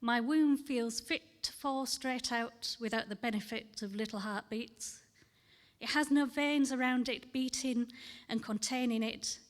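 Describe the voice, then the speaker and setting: Woman poet reading in a reverberant hall. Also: on the high side. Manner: candid, earnest, reads with measured cadence. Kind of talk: poetry reading with personal talk. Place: festival event hall.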